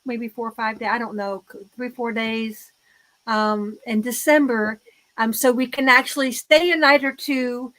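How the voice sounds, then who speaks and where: A woman in casual chat, telling a rambling, excited story with many false starts. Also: a little high, normal speed, no room sound, low-quality recording.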